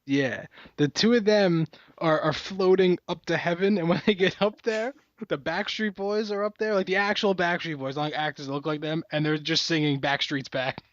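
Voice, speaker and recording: A man in his twenties riffs through a casual comedy podcast, his voice sitting a little high. He bursts into quick impressions of movie lines as he tells a story. The sound is dull and dry, with no room around it. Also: fairly even intonation, no echo. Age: 20s. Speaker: podcast host.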